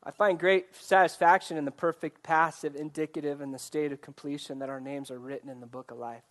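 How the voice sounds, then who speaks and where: A male pastor delivers a sermon with an earnest, searching manner. He speaks in a voice a little higher than most men's and keeps putting direct questions to the people listening. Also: fairly even intonation, a little fast, fairly bright tone. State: choked up, coughing.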